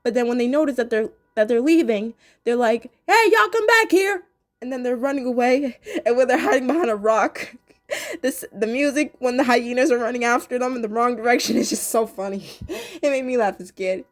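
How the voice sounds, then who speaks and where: Young woman reviewer, casual chatty delivery, giggles often, slightly high pitch. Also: a little fast. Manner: chatty and giggly, many ums and restarts. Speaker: episode reviewer. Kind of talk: casual chat.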